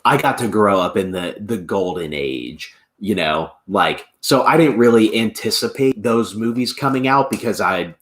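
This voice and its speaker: A young adult man, a podcast guest, chatting in a relaxed, laid-back way with lots of filler words. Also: fairly low pitch, normal speed, hardly any pauses. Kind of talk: casual podcast chat.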